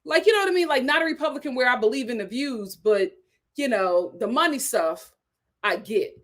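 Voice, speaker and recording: Animated woman reacting to live chat. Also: on the high side, a little fast. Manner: animated, reads viewer comments aloud and reacts emphatically. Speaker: host reading live chat comments. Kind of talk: casual live-stream commentary.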